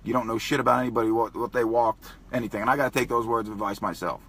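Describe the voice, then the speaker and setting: A man's voice: medium pitch, fairly even intonation, racing, a bit bright, slightly rough. A man talking emotionally in a profane vlog, crying and choked up as he speaks. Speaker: vlogger.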